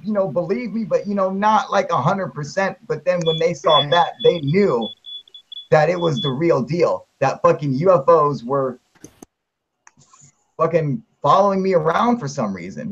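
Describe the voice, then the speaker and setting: A young man hosting a live stream, telling a story in a rambling, excited way, swearing constantly and piling up fillers. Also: a little high, slight background noise. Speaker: show host telling his sighting. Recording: muffled lo-fi stream audio.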